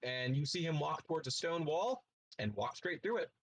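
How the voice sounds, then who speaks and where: A man as game master, narrating a tabletop role-playing game in a relaxed, casual way. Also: fairly high pitch, moderate pace, a little hiss or hum, poor audio.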